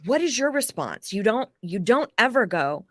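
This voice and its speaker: A woman life coach explaining ideas in a casual, animated podcast interview, with occasional swearing. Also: fairly high pitch, moderate pace, no room sound, clean studio sound. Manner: animated, explanatory, acts out quoted people.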